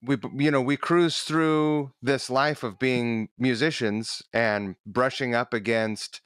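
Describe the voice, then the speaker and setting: Smooth-voiced male podcast host. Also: mid-range voice, fairly even intonation, fairly bright tone, dry recording, studio quality. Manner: slow, searching, halting phrasing. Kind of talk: casual interview.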